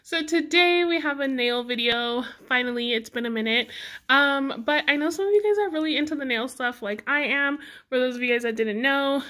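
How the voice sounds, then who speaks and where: A young woman with a high, light voice chatting directly to her viewers about nail products she bought. She talks in a casual, rambling way and giggles often. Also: pushed and bright. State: out of breath. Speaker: beauty vlogger. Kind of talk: casual product haul chat.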